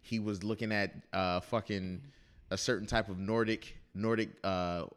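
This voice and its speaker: A man co-hosting a casual chat, slangy and animated, often acting out quotes. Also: fairly low pitch, normal speed, clear, resonant tone. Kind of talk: casual chat about a TV show.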